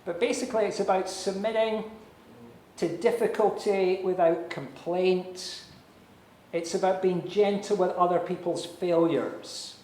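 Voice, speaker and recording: A man preaching a sermon as pastor, earnest and persuasive, with dramatic pauses. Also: high-pitched, fairly even intonation, a little mellow, slight background noise. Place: church hall. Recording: echoey church hall.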